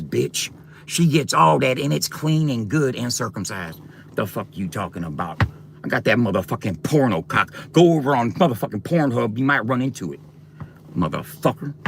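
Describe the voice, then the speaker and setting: A man's voice: fairly high pitch, gravelly, a bit bright, a little hiss or hum. A man ranting on a livestream, taunting and confronting his viewers directly in a coarse, profane way.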